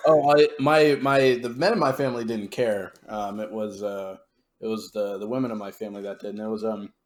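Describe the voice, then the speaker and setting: Halting podcast co-host man. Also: on the low side, steady tone. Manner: halting, many fillers and restarts. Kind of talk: casual storytelling chat.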